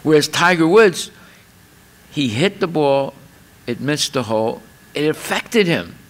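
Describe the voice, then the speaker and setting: A man with a higher, animated voice gives an unhurried scripture class as a spiritual lecture. He explains chattily with many fillers and repeated words, acting out little scenes with exclamations.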